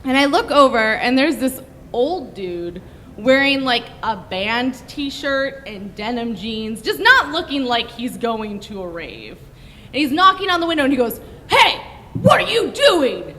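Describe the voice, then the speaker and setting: A young woman telling a story on stage in a brash, profane, animated way. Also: on the high side, a little slow, in a large hall.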